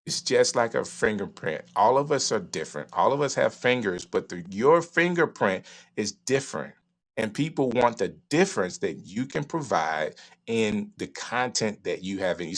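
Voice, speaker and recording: A middle-aged man with a Southern US accent, hosting a live stream from his studio and giving emphatic, animated advice. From Southern United States. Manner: animated, emphatic, varying pitch and pace. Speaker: live streaming show host. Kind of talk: casual advice talk to a live audience.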